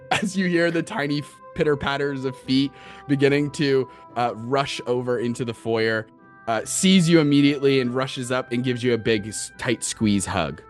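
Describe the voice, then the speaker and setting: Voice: mid-range voice, moderate pace, soft background music. A game master narrating a tabletop game, giggly and playful, improvising descriptions as they go.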